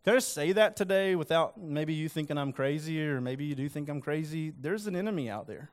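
A man delivering a sermon in a relaxed, conversational way. His voice sits a little higher than most men's. He turns earnest and emphatic when he acts out quoted words. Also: fairly quick. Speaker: pastor.

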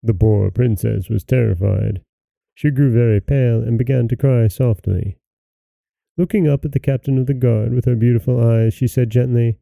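A man hosting and narrating a folktale in a slow, measured storybook reading. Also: medium pitch, steady tone, vocal fry, warm tone, dry recording. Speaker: host and narrator.

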